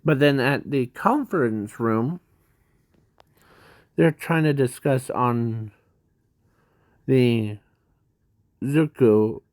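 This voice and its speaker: A man slowly narrating an improvised fan story, halting often with restarts and fillers. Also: medium pitch, a little mellow, dry recording.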